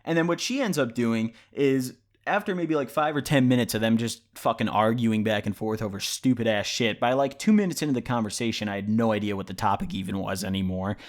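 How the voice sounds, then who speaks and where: A man's voice: lowish voice, fairly quick, few pauses. A man telling a story for his vlog in a casual, rambling way, full of "like" and swearing. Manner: rambling, heavy use of "like" and profanity. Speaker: vlogger.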